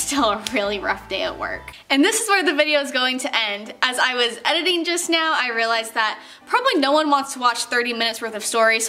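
A young woman with a voice that sits high, bright and forceful chats to her camera about work stories. Casual and talkative, she uses "like" constantly and acts out quotes in different voices.

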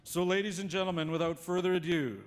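A man's voice: high voice, steady tone, quick pace, in a large hall. A man serving as master of ceremonies, giving a polished, genial, formal address at an official ceremony. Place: hall at official residence.

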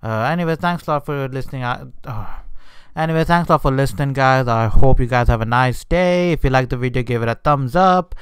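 Indignant man ranting, smooth voice. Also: mid-range voice, fairly quick, no room sound. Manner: indignant ranting with frequent hesitations. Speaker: vlogger. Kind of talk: unscripted rant.

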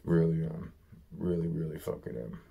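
A man's voice: rumbling low, normal speed, gravelly, dark tone, breathy edge. A man giving a rambling, profane solo rant, exasperated and repeating himself often. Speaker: vlogger.

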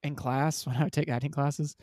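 A man co-hosting a casual podcast, chatting about movies in an animated way and laughing often. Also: fairly high pitch, dry recording, clean studio sound. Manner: animated, laughing, does quick movie impressions. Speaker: podcast co-host. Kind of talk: casual chat.

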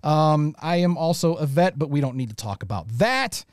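A man's voice: a little high, very animated, normal speed, no echo. Joking male podcast host, dry sound. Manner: joking, playful introductions. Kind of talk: casual podcast panel chat.

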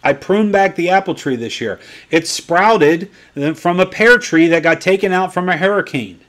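A man in his fifties teaching from the Bible in a sermon style, swinging between quiet asides and excited high points. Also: normal speed. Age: 50s. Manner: animated, swings from low asides to excited peaks.

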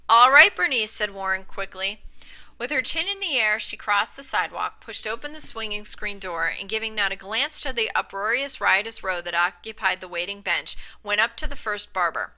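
Woman reading a short story out loud, really bright crisp voice, middle pitch, trips over a word here and there. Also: expressive, normal speed, poor audio. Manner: reads aloud with small slips and restarts, lifting her voice for quoted lines. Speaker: reader. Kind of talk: audiobook narration.

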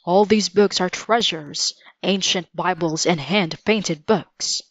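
A woman's voice: lowish voice, slow, fairly bright tone, no echo. A woman reading aloud and voicing a careful, brusque grown man in a storybook. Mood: firm. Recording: dull lo-fi dry recording.

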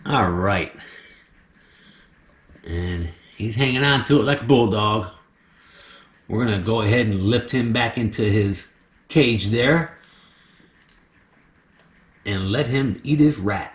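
Excitable man in an echoey room. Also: lowish voice, slow pace, pauses often. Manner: excitable and chatty. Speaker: snake keeper. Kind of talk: casual how-to vlog. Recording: echoey room, dull lo-fi sound.

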